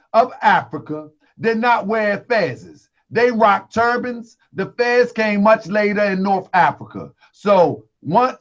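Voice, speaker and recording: High-pitched preachy man, lo-fi sound. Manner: preachy, emphatic, sometimes shouting. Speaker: host. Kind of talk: heated online talk show. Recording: dull lo-fi sound.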